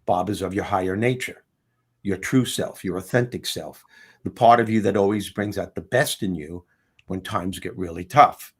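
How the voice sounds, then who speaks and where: A man's voice: sits low, moderate pace, husky. A man being interviewed about his book, talking casually and telling its story with animation. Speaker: author guest. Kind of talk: interview conversation.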